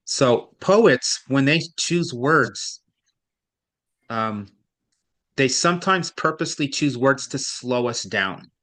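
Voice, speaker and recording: A man's voice: mid-range voice, animated, takes it slowly, a bit bright. A man tutoring a student in reading, explaining patiently and at length, with frequent restarts. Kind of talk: one-on-one online tutoring.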